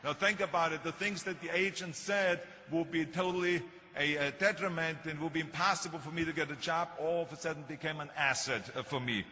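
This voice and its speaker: A man's voice: fairly high pitch, fairly even intonation, fairly quick, few pauses, sharp tone, dull audio. An older man with a German accent giving a motivational speech, telling stories in an emphatic, self-mocking way. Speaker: motivational speaker. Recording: long hall reverb, faint ambience.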